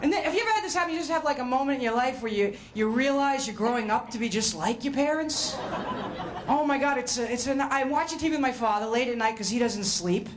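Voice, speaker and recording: A woman's voice: high-pitched, lively intonation, fast, noisy background. A woman performing stand-up with a chatty, self-mocking delivery. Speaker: stand-up comedian. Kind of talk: stand-up comedy set.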